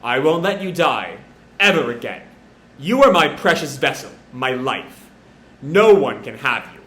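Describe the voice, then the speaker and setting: A man voicing a cold, taunting male alien being in a slow, low reading. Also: sing-song, fairly bright tone. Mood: menacing. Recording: roomy echo.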